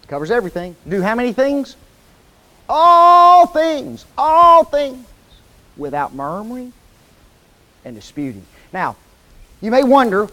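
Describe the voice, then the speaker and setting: A man preaches in a church with a high voice that swoops up and down. He keeps tossing questions to the congregation and slows down to stress the scripture he quotes. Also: poor audio. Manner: lively call-and-response questions to the congregation; quotes scripture slowly and emphatically. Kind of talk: sermon. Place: church hall.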